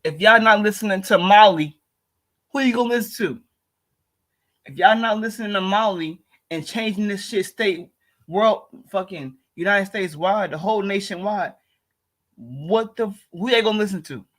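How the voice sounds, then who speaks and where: Dude ranting over a vid, cursing a lot, high-pitched, keeps repeating himself. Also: male voice, normal speed, a bit bright. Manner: heated, profane, slangy, repeats himself. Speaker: commentator reacting to a video. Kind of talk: profane casual commentary.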